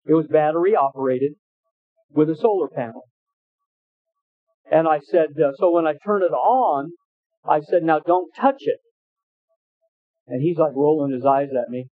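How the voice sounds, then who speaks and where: Folksy storytelling pastor, tinny sound. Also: male voice, fairly high pitch, normal speed, long pauses, dry recording. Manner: folksy, anecdotal, with hesitant restarts. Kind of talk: sermon with storytelling. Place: church. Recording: tinny phone-like dry sound.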